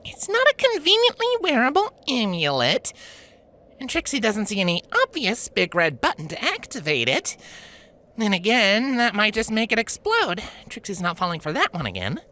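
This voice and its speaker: A woman's voice: mid-range voice, wildly swooping pitch, moderate pace, bright, forceful tone. A woman voicing a boastful, showy female unicorn mare in a fanfiction reading, who talks about herself in the third person and exclaims dramatically. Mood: excitable.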